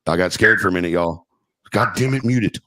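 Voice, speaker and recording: A man's voice: sits low, brisk, bright, forceful tone, dry recording. A man hosting a casual podcast, joking loosely and swearing freely. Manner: loose, profane banter. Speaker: podcast host.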